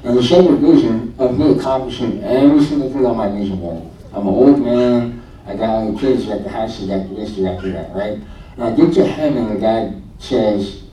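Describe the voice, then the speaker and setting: A man's voice: medium pitch, a little fast, dark tone, recorded from a distance, slight background noise. A man in his thirties giving a personal testimony to a church congregation, telling his story animatedly and acting out his own thoughts with laughter. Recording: roomy hall, speaker away from the mic, faint ambience.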